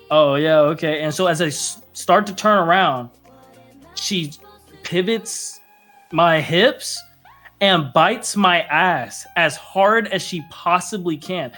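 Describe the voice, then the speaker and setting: Rambling animated young man telling a story. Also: sits high. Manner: rambling, animated, acts out quotes with laughs. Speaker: podcast guest or co-host. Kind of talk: casual storytelling.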